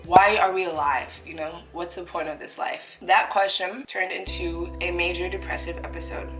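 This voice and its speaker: A woman's voice: on the low side, steady tone, moderate pace. A young woman vlogger from Canada telling a personal story in a candid, chatty way while eating, with playful asides and the odd swear word. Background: background music.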